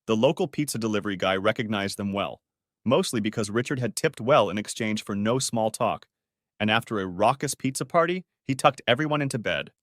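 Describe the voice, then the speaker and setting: Man reading a story, dry and steady. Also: on the low side, a little fast, dry recording. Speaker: audiobook narrator. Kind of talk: scripted narration.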